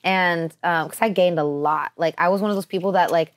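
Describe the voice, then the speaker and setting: A young woman chatting casually as a podcast guest, bubbly and quick to laugh as she tells stories. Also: fairly low pitch, steady tone. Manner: bubbly, laughs often while telling stories. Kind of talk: casual chat.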